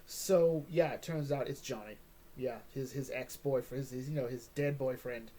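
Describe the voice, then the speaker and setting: A man's voice: medium pitch, moderate pace, dark tone. A man hosting a casual comic book chat, joking and rambling, often tagging on "all right?". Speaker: comic book podcast host.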